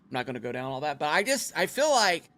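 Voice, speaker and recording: A man hosting his own gaming channel, giving excitable, playful gameplay commentary and laughing easily. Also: a little high, fast.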